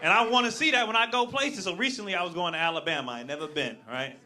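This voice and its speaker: High-voiced man doing loud stand-up. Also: fast. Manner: loud, animated storytelling with acted-out voices. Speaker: stand-up comedian. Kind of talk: live stand-up set. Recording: live club crowd and noise.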